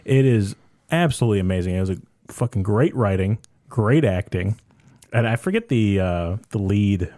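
A man in a casual podcast chat, relaxed and self-deprecating, swearing now and then. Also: fairly low pitch, normal speed, no room sound.

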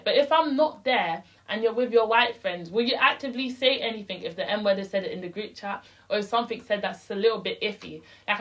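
A woman's voice: mid-range voice, far from the mic, poor audio. A young woman in casual podcast chat, speaking passionately and heating up into a rant. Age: young adult. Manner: impassioned, rising to a heated rant. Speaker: podcast co-host.

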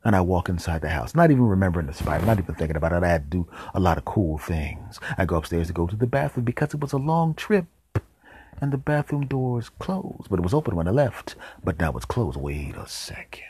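A man hosting a podcast, telling an absurd comedic story in a deadpan, rambling way and switching into voices for the characters. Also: low-pitched, quick pace, a little hiss or hum. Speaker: podcast host.

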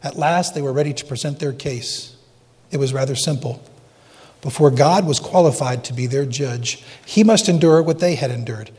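A man preaching a sermon as pastor, earnest and dramatic, dropping to hushed tones at times. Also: mid-range voice, normal speed, long reverb tail.

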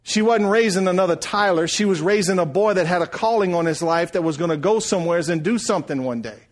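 A middle-aged man preaching a sermon, rising loud and then dropping to a hush. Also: high voice, quick pace. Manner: preaching, swells loud then drops to hushed. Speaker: pastor.

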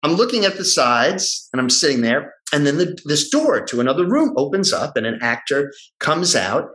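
This middle-aged man, a guest actor, speaks at a moderate pace with a fairly high voice, and the recording is rough. He's telling a story in casual conversation, animated throughout and acting out the voices of its characters.

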